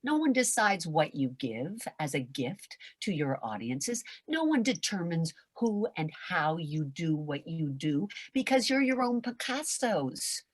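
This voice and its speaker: An older woman coaching performers in an animated chat, theatrical and shifting between soft whispers and loud outbursts. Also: sits low, unhurried, few pauses, no room sound. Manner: theatrical, swings from whispers to shouts.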